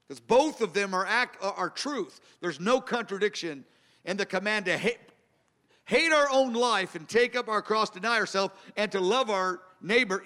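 A man's voice: high-pitched, sharp tone. A man preaching a sermon, earnest and emphatic, circling back to repeat his key phrases. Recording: long hall reverb.

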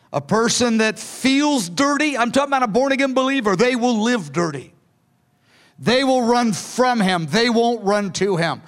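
A man preaches a sermon, his voice sitting high for a man. He speaks earnestly and pleads with his listeners, now and then acting out quoted words with a lift in pitch. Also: fairly bright tone. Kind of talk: sermon teaching from notes.

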